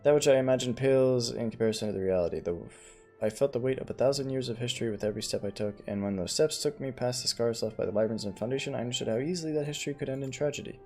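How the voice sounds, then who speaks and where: A man's voice: medium pitch, racing, a little mellow, soft background music, lightly acted. A man reading an earnest young scholar. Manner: polite, eloquent and earnest.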